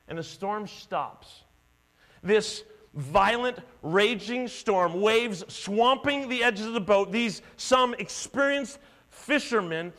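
A high-pitched man delivers a sermon from the pulpit, telling the story with dramatic flair and acting out each voice. His voice rings out in a reverberant hall over a low mains hum. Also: a bit bright. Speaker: pastor.

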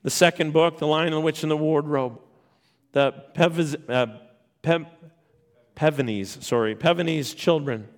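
A man delivers a sermon to his congregation, retelling a scripture story in a lively, emphatic way. His voice sits a little high for a man, and he often repeats and restarts words as he builds his point. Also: unhurried. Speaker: pastor.

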